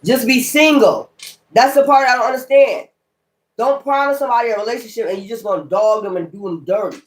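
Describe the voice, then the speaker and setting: A woman's voice: on the high side, fairly quick. Heated, foul-mouthed woman tarot reader. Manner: heated, blunt, heavy cursing. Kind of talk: casual profane rant to viewers.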